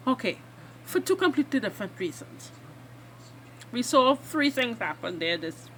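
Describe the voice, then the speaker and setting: A woman hosting a reaction video, excitably and emotionally recapping a TV episode in a rambling way. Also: on the high side, a little slow, a little hiss or hum.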